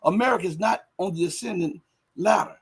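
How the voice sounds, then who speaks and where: Reading through his viewers' chat, a livestream host comments with emphasis, rattling off rhetorical questions that build into shouting. His voice is high and breathy-edged with vocal fry, and he talks briskly.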